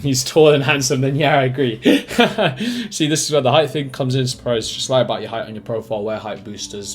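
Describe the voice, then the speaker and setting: Blunt, slangy young man. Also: fairly low pitch. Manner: blunt, slangy, mocking asides. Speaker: dating advice creator. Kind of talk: casual commentary reading text messages aloud.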